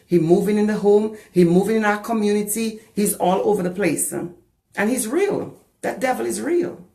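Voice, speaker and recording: A woman's voice: medium pitch, roomy sound. A woman from the Caribbean preaching a sermon as a pastor, passionate and repeating phrases for emphasis. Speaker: pastor and deliverance minister.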